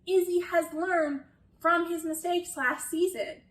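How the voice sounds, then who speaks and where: A woman's voice: extremely high pitch, fairly even intonation, slow, a bit bright, reverberant, far from the mic, rough recording. A woman chatting casually through a critique of a show, exasperated at times and swearing freely. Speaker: video essayist.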